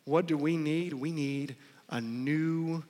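Male pastor, slightly high voice, emphatic, driving sermon full of rhetorical questions, long church reverb. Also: steady tone, takes it slowly, mellow. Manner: emphatic, repeats lines and asks rhetorical questions.

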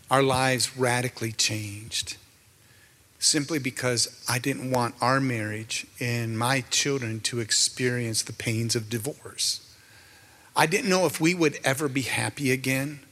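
Guy preaching, earnest emotional story, bright tense voice, big echoey hall. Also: mid-range voice. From Canada. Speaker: minister. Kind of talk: sermon with personal testimony. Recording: hall with long reverb.

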